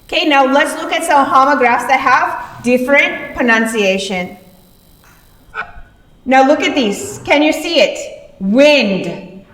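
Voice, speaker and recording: A woman's voice: sits high, unhurried, pauses often, a bit bright. A woman teaching a class lesson, speaking patiently and repeating words to explain them. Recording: echoey room, voice far from mic.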